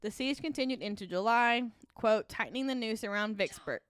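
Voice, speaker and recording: A woman's voice: fairly high pitch, a little fast, clean tone, no echo. A woman co-hosting a podcast, reading sponsor copy and a history story with frequent laughs. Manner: laughs often, lively reading. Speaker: podcast co-host.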